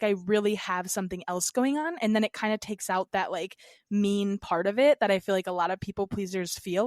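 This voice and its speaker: A woman's voice: mid-range voice, a little mellow, dry recording, clean studio sound. Young woman guest, rambling chatty talk. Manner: rambling, heavy use of "like" fillers. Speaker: podcast guest. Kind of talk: casual interview chat.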